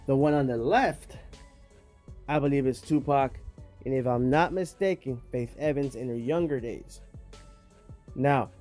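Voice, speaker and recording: A man's voice: medium pitch, dark tone. A man hosting a casual vlog, talking straight to his viewers in emphatic, slangy street talk. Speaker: host.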